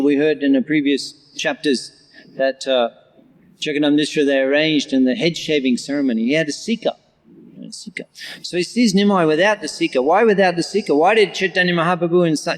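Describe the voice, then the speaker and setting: A man giving a scripture class. He reads Bengali verse lines slowly, repeats them, and explains each one in English in an animated way. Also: a little high. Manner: animated, with occasional laughter. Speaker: scripture lecturer. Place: large temple hall. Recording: long hall reverb.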